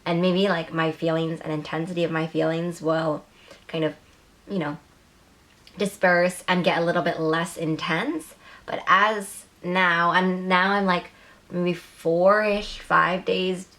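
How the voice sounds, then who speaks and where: Casting: woman vlogger, lowish voice, rambling, frustrated review. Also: steady tone, measured pace, a bit bright. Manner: rambling, frustrated, lots of filler words. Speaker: book reviewer. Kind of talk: casual vlog review.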